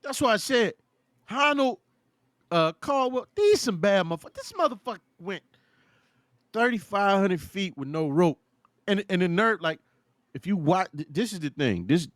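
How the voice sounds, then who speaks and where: A man hosting a loose podcast chat, swearing freely and breaking into laughter. His pitch jumps around with lively energy. The sound is dry and close. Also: no echo. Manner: profane, animated, laughs often. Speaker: podcast host.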